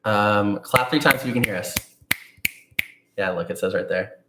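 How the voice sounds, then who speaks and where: A man's voice: on the low side, moderate pace, very noisy. A young man co-hosting a casual podcast, teasing with dry jokes. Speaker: podcast co-host. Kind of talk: casual chat.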